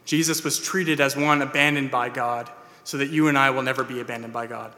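This man's medium-pitched voice sounds pushed and bright, his intonation fairly even and his speed normal. He's a pastor preaching to his church, sincere and straightforward, with "uh"s and restarts. The sanctuary lends a long hall reverb.

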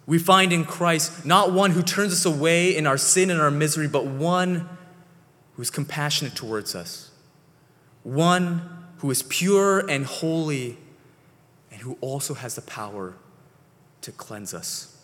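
A man preaching a sermon as pastor, slow and deliberate, his phrases sinking soft at the ends. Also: a little high, lively intonation. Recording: long hall reverb.

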